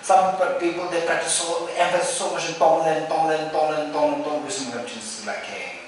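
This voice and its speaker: A man's voice: fairly high pitch, steady tone, fairly quick. Male Buddhist teacher, Tibetan accent, keeps asking rhetorical questions, heard from a distance in a very echoey hall with faint hiss. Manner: repetitive, rhetorical questions with "right?". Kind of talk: Dharma teaching.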